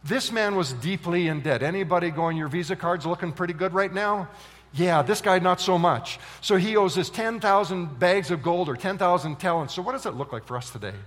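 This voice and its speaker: A man preaching a sermon, telling a story with animated voices for its characters. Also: high voice, brisk, hardly any pauses. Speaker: pastor. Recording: long hall reverb.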